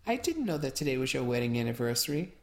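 A woman voicing a lively, quick-witted young adult daughter. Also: extremely low pitch. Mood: curious. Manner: chirpy and quippy.

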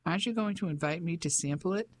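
A man's voice: high voice, fast talker. An audiobook narrator voicing a flirtatious French fisherman who talks boldly and teasingly. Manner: bold, teasing.

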